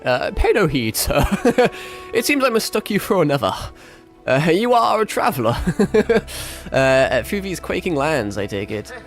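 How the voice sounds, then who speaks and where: A man's voice: medium pitch, lively intonation, moderate pace, faint music behind, lightly acted. A man putting on a posh courtly wanderer. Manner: posh, archaic formal speech. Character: courteous young male wanderer, formal.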